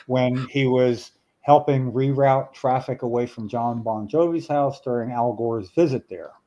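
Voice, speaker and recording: A man's voice: mid-range voice, unhurried, dark tone, highs cut off. A middle-aged man, telling a long anecdote in casual podcast chat, rambling with many fillers and restarts.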